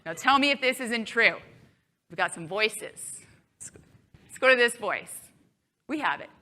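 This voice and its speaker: A woman's voice: on the high side, lively intonation, unhurried, bright, forceful tone. A woman keynote speaker giving a chatty live talk to an audience, acting out inner thoughts playfully.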